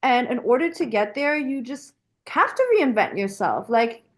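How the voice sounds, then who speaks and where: A woman's voice: fairly high pitch, expressive, normal speed. A woman guest on a podcast, talking casually and animatedly with lots of filler words. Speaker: podcast guest, business founder. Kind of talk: casual conversational interview.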